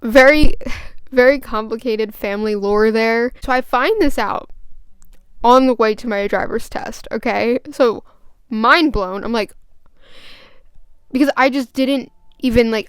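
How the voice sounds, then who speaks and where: Rambling young woman, smooth voice. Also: on the high side, measured pace, dry recording. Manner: rambling, chatty, filler-heavy; grows agitated and emphatic. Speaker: vlogger. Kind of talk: casual storytime rant.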